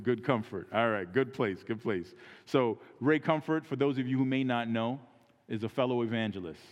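A man preaching a sermon as pastor, earnest and animated, acting out street conversations in a softer voice. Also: fairly low pitch. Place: church sanctuary. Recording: church hall with long reverb.

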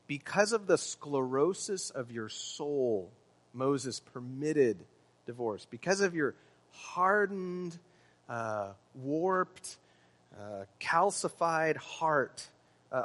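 A man's voice: mid-range voice, fairly bright tone. Preaching man in an echoing hall. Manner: earnest preaching with emphatic stresses and some ums. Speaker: pastor. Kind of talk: sermon. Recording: long hall reverb.

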